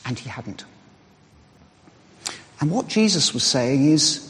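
A man preaching a sermon, explaining in a measured way and reasoning aloud. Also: a little high, very animated, a bit bright. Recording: reverberant hall.

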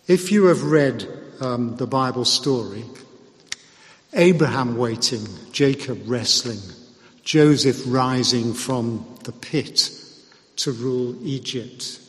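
A man preaching a sermon in an earnest, measured way, with occasional restarts. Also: mid-range voice. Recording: long hall reverb.

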